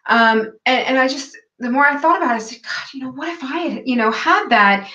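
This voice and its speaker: A woman guest in a casual interview, telling a personal story in an animated way and acting out what others said. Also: high voice, a little fast. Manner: animated storytelling, acts out quoted voices. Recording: echoey, dull lo-fi call audio.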